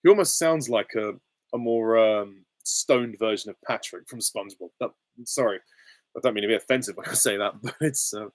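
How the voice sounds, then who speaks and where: A man's voice: fairly low pitch, normal speed, dry recording. A man hosting a live stream Q and A, chatty, giggly and self-deprecating, on a close desk mic. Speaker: channel host answering viewer questions.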